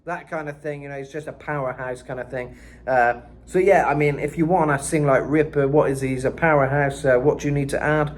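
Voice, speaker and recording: A man's voice: a little high, steady tone, brisk. A man giving a casual vocal lesson, talking loosely with lots of "kinda" and "you know.". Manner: breaks into screamed metal demos. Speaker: vocal coach.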